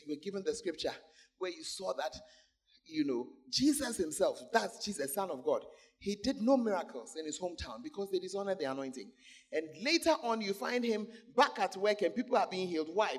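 A man with a notably high voice preaches to his congregation. He talks animatedly, breaks into laughter between points and keeps calling out questions to the people in the pews. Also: husky. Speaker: pastor. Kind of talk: sermon.

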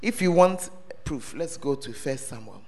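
A man preaching a sermon, quizzing the congregation with questions and breaking into shouts. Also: mid-range voice, expressive, measured pace. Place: church service hall. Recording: long reverb of a large hall.

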